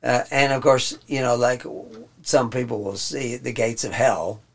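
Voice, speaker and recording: A man giving an informal Bible study lesson. He pauses often, restarts his sentences and explains the text word by word. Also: medium pitch, gravelly. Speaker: Bible teacher.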